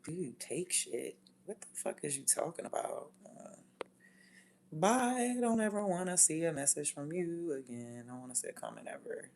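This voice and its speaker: Gravelly, blunt DC-woman streamer. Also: low voice, brisk, hardly any pauses, slight background noise. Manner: blunt, profane, drops from loud to near-whispered asides. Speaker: livestreamer. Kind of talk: casual livestream chat.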